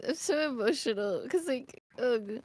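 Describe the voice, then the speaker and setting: A woman's voice: on the high side, animated, a little slow, a little mellow, dry recording, clean studio sound. A woman co-streamer chatting casually, emotional and rambling with many fillers. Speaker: co-streamer and voice acting partner. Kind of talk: casual chat.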